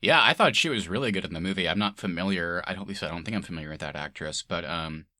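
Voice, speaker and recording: Animated young man chatting about movies. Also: quick pace, dry recording, clean studio sound. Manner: animated, laughs often, mimics film characters in high voices. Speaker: podcast co-host. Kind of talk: casual movie review chat.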